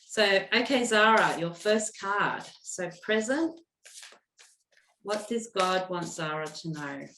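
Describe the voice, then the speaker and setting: A woman doing a live intuitive card reading, with a soft, halting way of talking, full of fillers and restarts, and moved to emotion. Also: mid-range voice, lively intonation, reverberant, noisy background. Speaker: intuitive reader.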